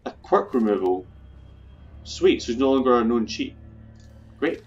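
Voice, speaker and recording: A man's voice: mid-range voice, big pitch swings, moderate pace, highs cut off. A man casually commenting on his own gameplay, chatty, swearing freely and talking through his plans. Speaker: video game let's player.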